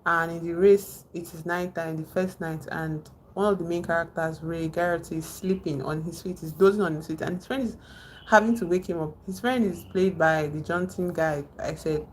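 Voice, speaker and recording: Speaking at a moderate pace in a steady, fairly low voice, this Nigerian-accented livestream host rambles through retellings of film scenes and says hello to people in the chat. A little hiss or hum sits under the recording.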